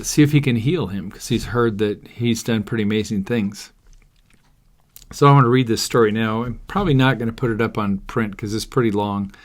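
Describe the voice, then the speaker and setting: A man teaching from the Bible, reading a story aloud in a casual, conversational way and breaking in with chatty asides. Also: mid-range voice.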